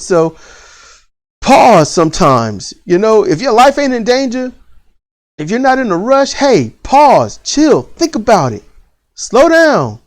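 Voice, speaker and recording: A vlogger ranting bluntly about parenting and school in a casual, repetitive way, with lively rises in pitch. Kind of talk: opinion rant to camera.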